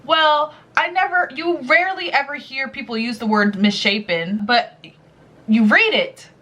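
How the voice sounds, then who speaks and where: A young woman vlogger with a fairly high voice, talking to her viewers in a loose, slangy way and swearing offhandedly. Her tone is bright and sharp. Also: a little slow. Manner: playful, slangy, swears casually. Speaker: YouTuber reacting to a video. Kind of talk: casual chat.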